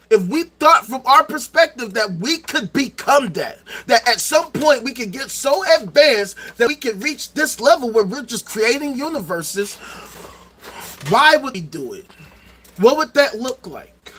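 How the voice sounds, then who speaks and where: A man with a high, bright voice rants to his viewers, swearing often and repeating himself for effect. He sounds middle-aged and keeps firing off rhetorical questions. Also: animated, unhurried, husky. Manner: loud, profane, repetitive rants. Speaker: streamer. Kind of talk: ranting livestream monologue.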